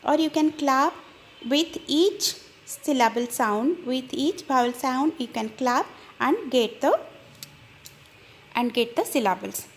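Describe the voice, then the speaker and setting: A woman teaches a grammar lesson in a high voice, taking her time and saying example words slowly. She breaks words into parts and fills gaps with small hesitations as she explains. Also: animated, slight background noise. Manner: slow, deliberate explanation with fillers and restarts, spelling out word parts. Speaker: English teacher.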